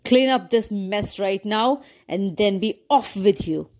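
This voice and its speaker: A cruel, bossy stepmother from a storybook, barking out sharp scolding orders, as a woman puts her on. Her delivery is slow and deliberate. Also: mid-range voice, natural voice. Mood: angry.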